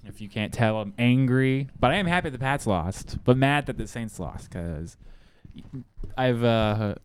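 Loud, profane young man hosting a podcast. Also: medium pitch, expressive, unhurried, clear, resonant tone. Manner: loud, profane, laughing often. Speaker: podcast host. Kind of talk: casual sports podcast banter.

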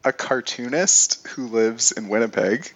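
A man on a podcast telling a story casually, with dry, deadpan humor. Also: medium pitch, unhurried. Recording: dull lo-fi mic.

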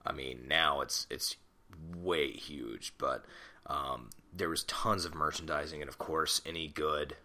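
A man's voice: very deep voice, steady tone, measured pace, sharp tone. A man in his twenties hosting a solo podcast on a desktop mic at home, rambling and self-conscious, swearing casually. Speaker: podcast host. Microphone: desktop USB mic.

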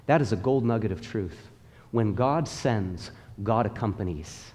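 A man's voice: lowish voice, lively intonation, measured pace, a little mellow. A male pastor preaching a sermon in a church, with emphatic, rhythmic repetition and calls for the congregation to repeat after him. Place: church sanctuary. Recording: long reverb of a large hall.

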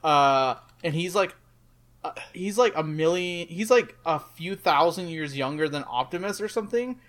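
Male podcast co-host; slightly raised pitch, rambling, filler-heavy casual chat. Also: expressive, moderate pace, a bit bright. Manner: rambling, filler-heavy, enthusiastic about comics.

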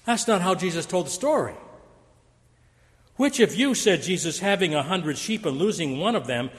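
A man preaching a sermon, telling stories in an animated storytelling manner. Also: a little fast. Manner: storytelling with wide pitch swings. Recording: long hall reverb.

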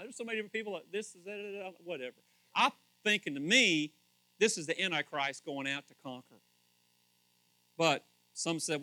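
Animated high-voiced man preaching a casual sermon. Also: brisk, no echo, poor audio. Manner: conversational, animated, asks the audience questions. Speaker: pastor. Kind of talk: casual sermon, Bible teaching.

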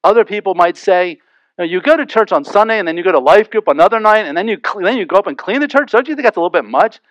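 A middle-aged male pastor preaching a sermon in a church, animated, asking rhetorical questions and acting out quoted voices. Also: sits high, racing, dry recording, highs cut off.

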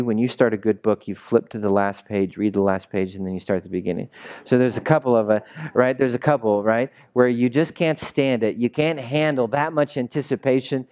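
A man's voice: mid-range voice, darkish tone. A younger man, a pastor, giving a conversational, jokey sermon and drawing the congregation into call-and-response. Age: young adult. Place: church sanctuary with a congregation.

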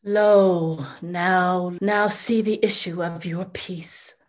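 A woman's voice: a little high, slow. An anguished grieving noble mother. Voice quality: impassioned, swinging from loud cries to hushed whispers. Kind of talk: classical stage drama.

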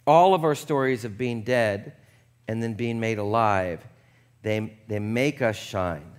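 A man preaching a conversational sermon, casual and chatty, often checking in with the congregation and dropping low and quiet for earnest points. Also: slow, smooth. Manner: casual and chatty, with frequent "like" and "right?". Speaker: pastor.

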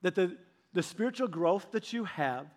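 A woman giving devotional teaching on fasting in a conversational, animated storytelling manner. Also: on the low side. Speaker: church leader.

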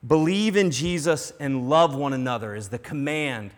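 A man preaching a sermon in earnest, dropping to a hush on some lines and rising to emphasis on others. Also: on the high side, normal speed. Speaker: pastor. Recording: long hall reverb.

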